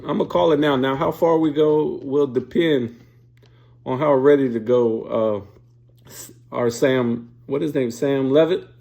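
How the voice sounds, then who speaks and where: A man's voice: medium pitch, steady tone, a little slow, gravelly, warm tone. A man hosting a sports show, giving blunt, profane, fired-up casual opinion commentary.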